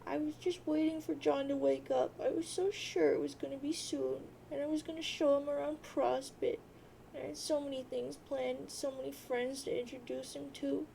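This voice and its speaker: A woman's voice: high voice, vocal fry, mellow, slight background noise, rough recording. Jade, a woman doing a weeping teen girl. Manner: sobbing, wailing drawn-out boo-hoos. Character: grieving teen girl, weepy and lost.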